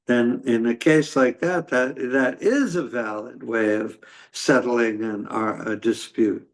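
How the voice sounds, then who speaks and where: Slow, gravelly-voiced man giving a scripture class. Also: mid-range voice. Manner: halting, many fillers and restarts; conversational storytelling. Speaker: class speaker.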